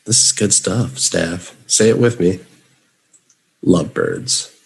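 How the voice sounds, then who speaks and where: In a live class, a man from Chicago drills English vocabulary, asking students to repeat after him in his local accent. He speaks a little slowly in a low, slightly rough voice with vocal fry.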